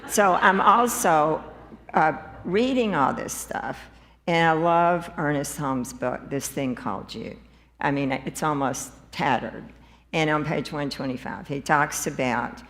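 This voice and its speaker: Low-voiced woman in a reverberant church. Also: measured pace, a bit bright. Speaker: congregation member sharing. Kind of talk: personal testimony. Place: church sanctuary.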